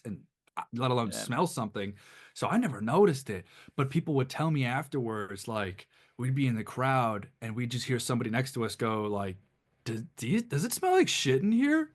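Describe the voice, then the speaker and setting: Man from Detroit, mid pitch, podcast band guest, loose animated anecdote-teller who restarts sentences constantly. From Detroit, USA. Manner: rambling, animated, frequent restarts. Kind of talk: casual storytelling anecdote.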